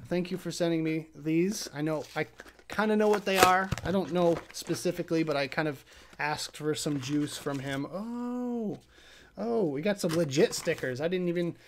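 A young man talks to his live-stream viewers in a loose, rambling way. His voice sits a little high for a man. He reacts aloud, trails off and restarts as he opens and tries the mail he was sent. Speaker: host of a live vape review show. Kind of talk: casual live-stream chat, unboxing mail.

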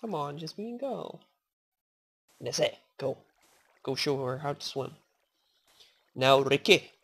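A woman with a low, unhurried voice chats her way through a game, thanking viewers by name and cooing at the creatures she sets free. Her pitch swings widely, from murmured asides up to sudden delighted or frustrated shouts. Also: husky. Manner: excitable, swears, coaxes in-game animals aloud. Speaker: gaming channel host. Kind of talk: casual game commentary.

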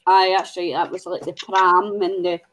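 A woman's voice: fairly low pitch, level tone, normal speed, a bit bright, muffled recording. A Scottish woman hosting a crafting video, chatting casually and telling stories with a giggle. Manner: giggly, tells stories with mimicked voices. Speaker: crafting channel host. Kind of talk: casual chat while crafting.

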